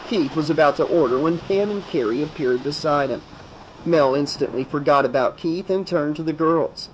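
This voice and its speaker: A man reading a horror audiobook aloud in a steady, measured storytelling manner. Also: fairly high pitch, dull audio, a little hiss or hum. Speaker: audiobook narrator.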